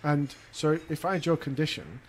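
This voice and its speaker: A man's voice: fairly high pitch, animated, moderate pace, slight background noise. A man, a podcast producer asking questions in a rambling, self-deprecating way full of fillers. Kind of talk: casual interview chat.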